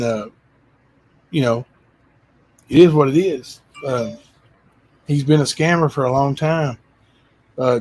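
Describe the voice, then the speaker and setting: A man's voice: on the high side, darkish tone. A man hosting his own livestream channel, chatting loosely with frequent fillers. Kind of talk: casual chat.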